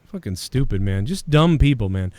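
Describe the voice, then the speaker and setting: This livestream host has a medium-pitched, warm, expressive voice at a normal speed. Reading viewer donations, he launches into a casual rant of profanity and sarcastic, combative insults directed at a critic.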